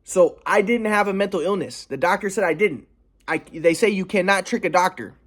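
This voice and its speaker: A young man telling a personal story in a vlog, earnest and aggrieved, stressing how calm he stayed. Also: sits high, a little fast. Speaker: vlogger.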